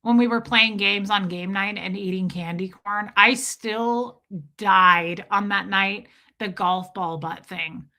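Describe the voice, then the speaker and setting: Bright, chatty woman streamer. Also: medium pitch, slow pace. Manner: chatty storyteller who laughs and swears freely. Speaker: livestream host. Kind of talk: casual livestream chat with viewers.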